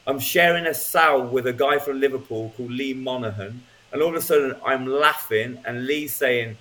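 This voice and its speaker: A man's voice: mid-range voice, normal speed, hardly any pauses, bright, forceful tone. A man speaking as a guest, telling his personal testimony in a casual storytelling way, with frequent ums and restarts.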